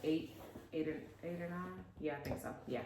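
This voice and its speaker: A woman's voice: deep voice, mellow. A woman co-hosting a podcast who tells stories emphatically, dragging out key words. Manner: drawn-out, emphatic storytelling. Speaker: podcast co-host. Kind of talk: casual storytelling chat. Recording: echoey room with faint noise.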